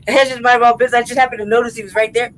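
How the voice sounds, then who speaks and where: A woman's voice: a little high, steady tone, rapid-fire, low-quality recording. Lady podcast host rambling thru a story, cussing a lot, "you know what i mean" every other line, laughing along, faint hum behind her. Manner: loose and profane, full of "you know what I mean" and "right?". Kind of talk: casual storytelling chat.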